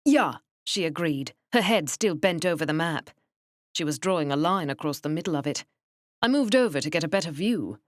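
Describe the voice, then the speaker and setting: A woman narrating a mystery audiobook in a measured, wry manner. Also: deep voice, lively intonation, dry recording, clean studio sound. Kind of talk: scripted narration.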